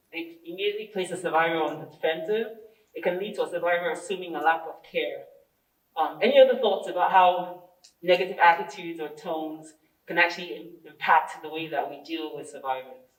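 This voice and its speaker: A woman presenting a training workshop, a lively storyteller who acts out dialogue and asks her audience questions. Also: on the low side, brisk. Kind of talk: interactive training workshop talk. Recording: echoey room, far from the mic.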